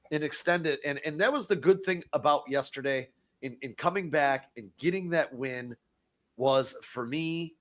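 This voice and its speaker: Man, sports podcast co-host, excitable, stammers when worked up, fairly high voice. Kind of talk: casual sports talk.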